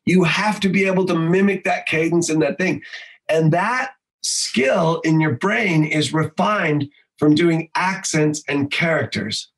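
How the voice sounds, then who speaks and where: Animated high-voiced man talking shop. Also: low-quality recording. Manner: animated, swears freely, slips into quick voices. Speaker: voice actor and improv teacher. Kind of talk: casual podcast interview.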